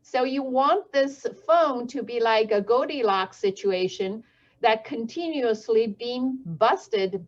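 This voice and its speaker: A woman whose first language is Chinese talks through safety research in a slow, careful way, pausing on fillers and correcting herself as she goes. Her voice sits a little high. The audio is dull and lo-fi. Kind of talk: explanatory talk.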